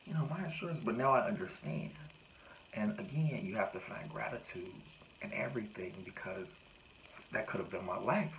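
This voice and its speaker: A man, recounting a personal story to camera in a casual, animated way and acting out what people said. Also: on the low side, normal speed, gravelly, slight background noise, rough recording. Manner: animated retelling with acted-out quotes. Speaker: vlogger.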